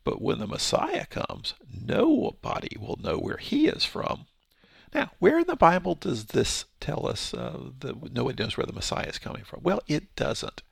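A man's voice: on the high side, wildly swooping pitch, moderate pace, creaky, breathy edge, no echo. A man giving a casual verse-by-verse Bible teaching, explaining with rhetorical questions and his own paraphrases.

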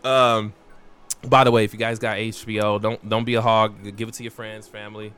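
A young man co-hosting a podcast in casual chat, animated, swearing a lot and calling his friend "bro.". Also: on the low side, brisk, clear, resonant tone. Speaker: podcast co-host.

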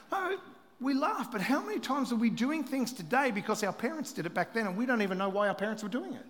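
A middle-aged pastor delivers a sermon in a raised, high-pitched voice, telling stories with lively swings between loud passages and hushed asides. His voice rings out with a long reverb tail, as if from a large church hall. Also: fast talker.

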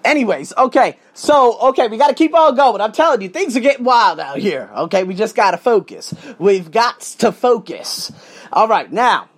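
Animated, swearing male vlogger. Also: sits high, normal speed. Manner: emphatic, swearing storyteller. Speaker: vlogger, English teacher. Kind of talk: casual vlog monologue. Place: condo room, indoors.

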